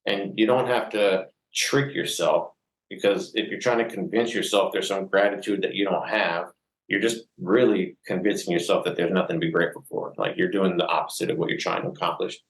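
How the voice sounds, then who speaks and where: A man's voice: sits low, fairly even intonation, brisk. A man speaking as a podcast guest, telling a candid personal story in an earnest, rambling way with many fillers and restarts. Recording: echoey room.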